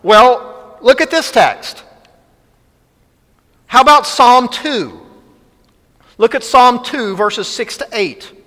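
A man with a high, bright, forceful voice preaches a sermon, pressing his points by repeating short phrases and reading scripture aloud. His voice rings with the long reverb of a large church hall. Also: animated, takes it slowly, long pauses. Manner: emphatic, repeats key phrases, quotes scripture. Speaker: pastor.

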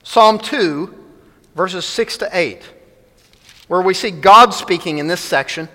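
A man's voice: high voice, takes it slowly, bright, forceful tone. A man preaching a sermon as pastor, emphatic, repeating key phrases and reading scripture aloud. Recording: long reverb of a large hall.

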